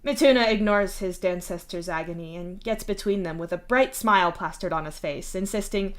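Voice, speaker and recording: A woman narrating a fanfiction chapter aloud in a steady, even voice. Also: lowish voice, normal speed, few pauses. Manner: steady second-person narration. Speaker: fanfiction reader.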